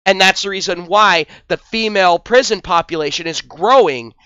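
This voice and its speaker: A man's voice: sits high, normal speed, bright, forceful tone, smooth, no echo, muffled recording. A man hosting a commentary video, talking in a crude, scornful, mocking way. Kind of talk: profane reaction commentary.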